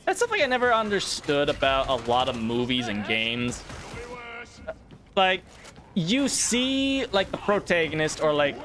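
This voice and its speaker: A man's voice: fairly high pitch, wildly swooping pitch, unhurried, a bit bright. A young man streaming a video game, chatting casually in a rambling, jokey way with a lot of filler words. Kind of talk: casual gameplay commentary. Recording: game music behind voice. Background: game music.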